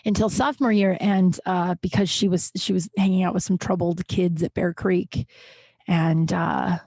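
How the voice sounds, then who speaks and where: Emotional woman podcaster, halting and swearing. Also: fairly low pitch, flat delivery, mellow, husky, no echo. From Colorado, USA. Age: late 30s. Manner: halting, swearing, many restarts and fillers. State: tearful, emotional. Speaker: podcast host. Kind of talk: emotional personal monologue.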